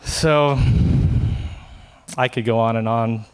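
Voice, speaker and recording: A man speaking as a friend at a memorial, talking casually and affectionately in a halting way. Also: mid-range voice, steady tone, clean tone. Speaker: friend giving a remembrance. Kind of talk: informal memorial speech. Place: memorial gathering.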